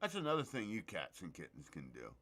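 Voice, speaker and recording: A man hosting a casual livestream, excitable and profane, greeting viewers in the chat by name. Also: low-pitched, fairly quick. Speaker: livestream host.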